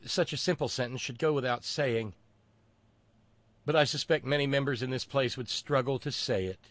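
A man hosting a political talk show, with wry, sarcastic asides and many pauses and fillers. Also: mid-range voice, fairly bright tone, dry recording.

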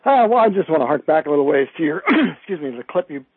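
Male caller, somewhat higher voice, husky, tinny phone line. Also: sing-song, fast talker, no echo. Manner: chatty, hesitant fillers. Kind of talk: phone-in call.

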